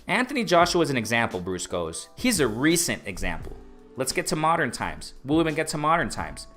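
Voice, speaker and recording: A man hosting a casual boxing livestream, reading chat aloud and repeating himself with excitement. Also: mid-range voice, fairly quick, faint music behind. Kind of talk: casual live-stream commentary.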